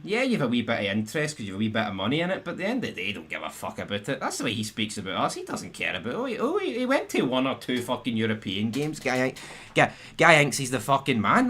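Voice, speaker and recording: A man's voice: mid-range voice, a bit bright. A young Scottish man ranting on a live stream, swearing, tripping over restarts, and his voice jumping up sharply when riled. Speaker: football fan live-streamer. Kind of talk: angry live-stream rant.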